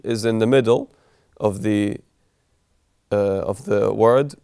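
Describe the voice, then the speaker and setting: A man with a gravelly yet smooth and resonant voice, teaching recitation. He works patiently through examples, setting correct against incorrect, and slips into melodic recitation. The sound is dry and close, with no room echo. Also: fairly low pitch, steady tone, unhurried, a little mellow. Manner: patient, repeats and contrasts examples. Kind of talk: explaining recitation rules.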